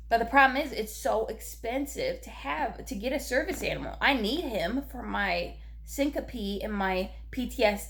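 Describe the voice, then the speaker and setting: A young woman, talking in a personal vlog about her grief, halting and repeating herself, short on sleep. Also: fairly high pitch, fairly bright tone. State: grieving, lacking sleep. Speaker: vlogger.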